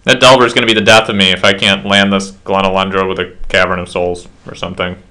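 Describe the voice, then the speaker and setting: Slightly buzzed guy talking over his card game, low voice but bright and forceful, rambly and self-mocking. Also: flat delivery, quick pace. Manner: rambling, self-deprecating asides. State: slightly tipsy. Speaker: player commentating his own match. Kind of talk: casual game commentary.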